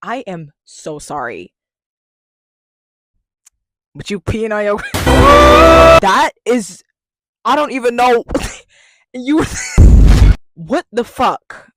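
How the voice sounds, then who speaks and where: A woman's voice: mid-range voice, slow, long pauses, faint music behind. A woman hosting a reaction video, talking casually and swinging between disbelief, swearing and exclaiming. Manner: animated, exclaiming, swearing, breaking into laughter.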